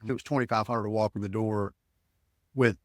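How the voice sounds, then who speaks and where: Middle-aged man telling animated stories. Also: on the low side, brisk, no echo, clean studio sound. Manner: animated storyteller, acts out dialogue, frequent restarts. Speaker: guest, ticket broker. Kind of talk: storytelling in a podcast interview.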